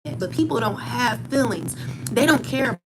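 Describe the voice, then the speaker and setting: A woman tarot reader giving viewers a spiritual pep talk. She speaks in a calm, steady monotone, rambles with repeated filler phrases and uses blunt, casual slang. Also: a little high, normal speed, low-quality recording. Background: background music.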